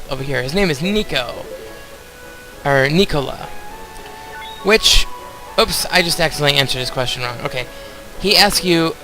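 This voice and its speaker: A man's voice: a little high, sharp tone, low-quality recording. A young man casually commenting on a video game as he plays, rambling and talking straight to his viewers. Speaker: let's play host.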